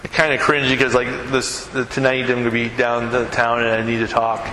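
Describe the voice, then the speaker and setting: A middle-aged male pastor preaching a sermon, asking the congregation rhetorical questions and moving between hushed and raised delivery. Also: mid-range voice, level tone, fairly quick. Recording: echoey hall with background noise.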